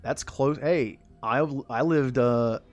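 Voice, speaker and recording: A man's voice: medium pitch, takes it slowly, faint music behind. A man from the southern United States giving casual gameplay commentary, chatty and rambling, laughing often. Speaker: gaming streamer.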